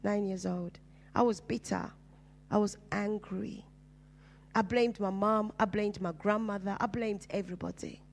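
A woman from Uganda, a pastor, preaching her personal testimony as a sermon, storytelling with swings from loud bursts to hushed, low asides. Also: steady tone, normal speed, creaky.

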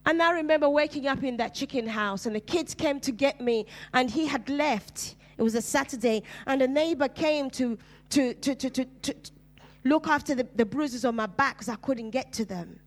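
A woman from Uganda, a pastor, preaching her personal testimony as a sermon, storytelling with swings from loud bursts to hushed, low asides. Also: moderate pace.

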